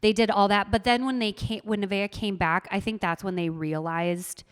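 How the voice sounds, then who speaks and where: A woman's voice: mid-range voice, fairly even intonation, moderate pace, clear, resonant tone, in a large hall. A woman with a Minnesotan accent, chatting earnestly as a podcast guest, with lots of "like" fillers. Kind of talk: casual interview chat.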